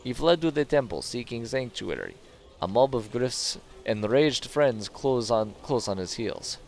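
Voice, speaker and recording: A man voicing a worried tribal wife, earnest, formal, lively pitch, gravelly. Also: unhurried. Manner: plain earnest reading, formal phrasing.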